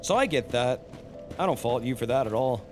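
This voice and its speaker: A man chatting casually to viewers while streaming a game, excitable and quick to shout and exclaim during fights. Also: medium pitch, music in the background. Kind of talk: casual live-stream gameplay commentary.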